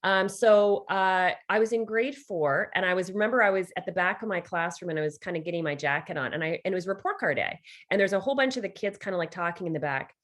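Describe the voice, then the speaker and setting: A middle-aged woman with a Canadian accent, a podcast guest telling stories with lively quoted voices. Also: on the low side, fast. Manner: animated storytelling with quoted voices. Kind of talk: podcast interview.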